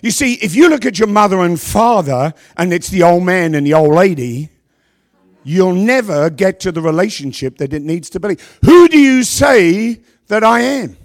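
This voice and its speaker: A middle-aged man preaching a sermon to a congregation on a handheld microphone, with a worn voice, asking rhetorical questions and pausing for effect. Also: sits high, lively intonation. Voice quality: voice worn from past yelling. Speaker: pastor.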